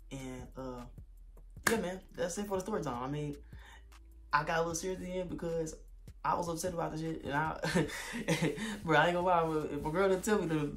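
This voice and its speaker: A young man tells a story in a loose, slangy vlog. His voice sits a bit high for a man, and he gets loud and animated when he acts out what he said. Faint music plays underneath. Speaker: vlogger. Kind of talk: casual storytelling.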